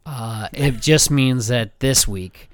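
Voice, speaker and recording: A man co-hosting a casual sports podcast, talking in a halting way with many fillers. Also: mid-range voice, no room sound, clean studio sound. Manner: halting, filler-heavy delivery. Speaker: podcast co-host.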